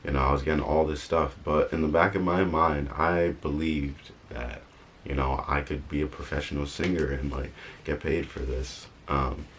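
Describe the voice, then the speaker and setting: A man's voice: a bass voice, steady tone, normal speed, fairly bright tone, slight background noise. A young man talking casually in a vlog, rambling and correcting himself with joking asides. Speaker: vlogger. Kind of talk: casual motivational vlog talk.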